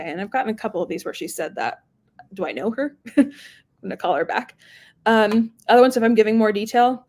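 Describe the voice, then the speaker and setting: Woman in her 30s, sales exec guest, lively and quick to laugh, acts out calls. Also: mid-range voice. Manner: animated, laughs often, acts out quoted calls. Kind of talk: casual interview chat.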